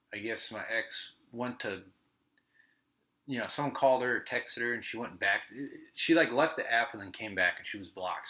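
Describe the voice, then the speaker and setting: A man's voice: on the low side, bright, forceful tone, poor audio. A man hosting a podcast, telling stories in a casual, profane, rambling monologue. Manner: profane, ranting storyteller. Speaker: podcast host.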